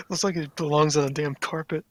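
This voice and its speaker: A man's voice: a little high, dry recording. A man co-hosting a casual podcast chat while watching wrestling, laughing often and tossing in crude quips. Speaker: podcast co-host.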